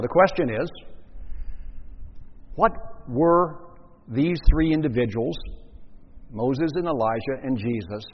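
A man's voice: mid-range voice, slightly rough. A male pastor preaching an emphatic sermon, leaning on key words and repeating them for stress, recorded in a church with long reverb and dull, lo-fi sound.

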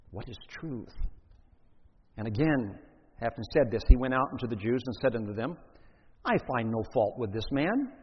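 A man preaches a sermon in a mid-range, slightly husky voice, reading scripture aloud and then expounding on it with deliberate emphasis. The recording sounds dull and lo-fi, with long reverb from a large hall.

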